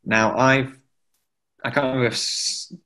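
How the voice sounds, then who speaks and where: A man's voice: medium pitch, level tone, measured pace, pushed and bright. A man teaching an online class in chanting scripture, explaining with many fillers and chanting short examples. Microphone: video call.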